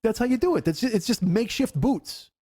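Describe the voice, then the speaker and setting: A fast, animated man hosts a casual comedy podcast. He comes from Chicago, and his voice sits a little high for a man. He tells stories at full tilt, acts out voices and swears freely. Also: slightly rough. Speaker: podcast host.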